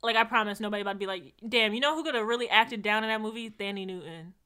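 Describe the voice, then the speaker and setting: A young adult woman co-hosting a casual chat, animated and slangy, acting out her own reactions. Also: medium pitch, very fast, smooth.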